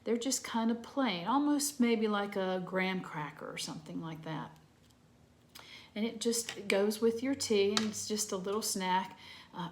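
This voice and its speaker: A woman, gently teaching a lesson to young children from home. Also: mid-range voice. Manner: gentle, slow, talking to children. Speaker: preschool teacher.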